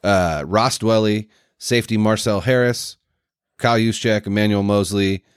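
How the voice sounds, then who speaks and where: A man co-hosting a sports podcast, breaking down signings in a rambling, energetic way. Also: on the low side, moderate pace, clean tone, dry recording, studio quality. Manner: energetic, rambling analysis with restarts. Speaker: podcast co-host. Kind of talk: casual sports talk.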